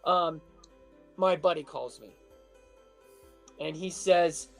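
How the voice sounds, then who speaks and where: A man's voice: a little high, slow, creaky, soft background music. A man co-hosting a casual podcast chat, telling a story with lots of swearing. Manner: animated storytelling, heavy swearing. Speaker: podcast co-host.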